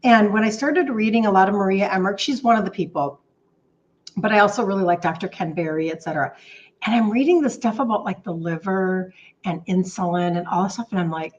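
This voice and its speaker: A woman in her fifties, a health coach chatting warmly and excitedly with viewers on a live stream, reading out their comments. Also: mid-range voice, a little fast. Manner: bubbly, gushing, reads out viewer comments. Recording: slightly dull lo-fi stream audio.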